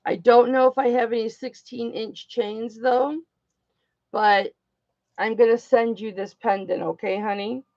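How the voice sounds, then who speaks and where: A woman's voice: on the high side, fairly even intonation, a little slow, lo-fi sound. A woman hosting a jewelry auction livestream, chatting casually and affectionately with viewers and calling them honey and baby.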